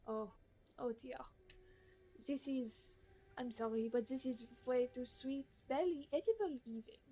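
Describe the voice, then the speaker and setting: A woman voicing a snobbish, demanding gourmet woman in a put-on French accent, reading game dialogue aloud in a drawn-out, theatrical way. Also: high-pitched, warm tone. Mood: disappointed.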